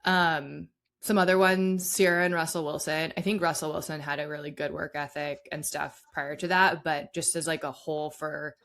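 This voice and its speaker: Low-voiced chatty woman co-host. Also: level tone, normal speed, fairly bright tone. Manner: chatty, many "like" fillers. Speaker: podcast co-host. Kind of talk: casual sports chat.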